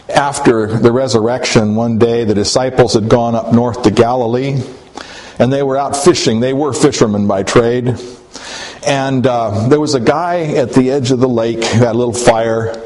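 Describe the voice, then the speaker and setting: A man's voice: medium pitch, fairly even intonation, unhurried, darkish tone, poor audio. A man preaching a sermon and retelling a story in a folksy, conversational way, with hesitant fillers.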